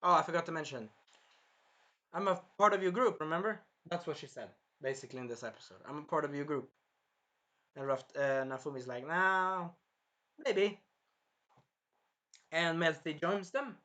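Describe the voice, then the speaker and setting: A man recapping and reviewing an anime episode in a rambling, self-correcting way, with a sore throat that he keeps clearing, acting out the characters' lines. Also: a little high, normal speed, long pauses, pushed and bright. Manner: rambling, jumps around and corrects himself, acts out characters' lines.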